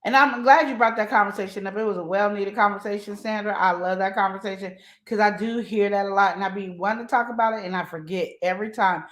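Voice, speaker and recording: A woman's voice: mid-range voice, steady tone, quick pace, few pauses, a bit bright. A woman hosting a relationship advice show, talking emphatically and acting out the voices of the people she quotes. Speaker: host. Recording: echoey room.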